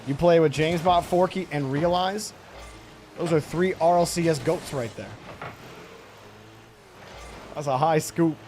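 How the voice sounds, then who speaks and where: A man's voice: fairly high pitch, unhurried, long pauses, a little mellow, faint music behind. A man casting a live video game match, chatting and giving play-by-play. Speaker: esports caster. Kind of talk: live game commentary and chat.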